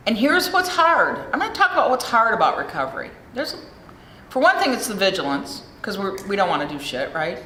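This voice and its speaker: Speaking into a podium microphone in a large hall, a middle-aged American woman delivers a blunt, foul-mouthed recovery share at a meeting. She sounds a bit high and sing-song, bright and pushed, at a moderate pace. There's echo from the hall and a faint room hum.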